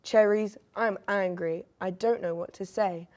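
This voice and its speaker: A woman's voice: medium pitch, steady tone, unhurried, darkish tone, natural voice. A woman voicing a long-bearded male wizard in a storybook reading, exclaiming in a raised voice. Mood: angry.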